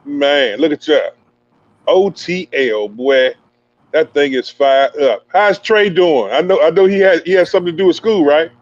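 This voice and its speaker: A man's voice: on the high side, normal speed, lo-fi sound. A man hosting a casual podcast interview, talking in a hype, slangy, playful banter style. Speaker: podcast host interviewing a youth player.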